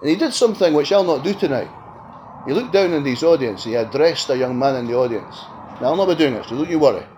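Guy preaching in a tent, fairly high voice, goes from loud and urgent to real quiet, faint hiss behind. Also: animated, fast, low-quality recording. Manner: impassioned, swinging between loud appeals and hushed lines. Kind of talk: evangelistic sermon. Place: tent meeting.

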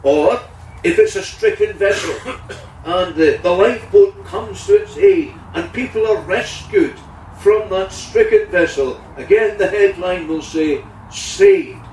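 Earnest preacher in an echoey hall. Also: male voice, sits high, sing-song, unhurried, slight background noise. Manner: earnest, swells loudly on key words. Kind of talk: sermon. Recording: echoey room heard from a distance.

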